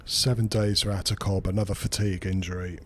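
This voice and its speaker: A man's voice: sits low, little pitch movement, fast. A man streaming a strategy game who talks through his moves in rambling, casual commentary and swears freely.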